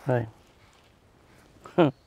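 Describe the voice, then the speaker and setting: A man's voice: drawn-out words, dark tone, no echo, dull audio. A man talking casually to deer on his ranch, coaxing them in and chatting to viewers in a folksy way. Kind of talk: casual talk to animals and viewers. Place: outdoors at a deer pen.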